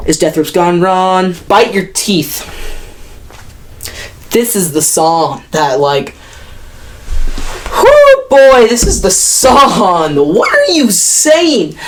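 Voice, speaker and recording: A woman giving a music album review as an animated, exasperated rant, speaking close to the camera. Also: fairly low pitch, slight background noise.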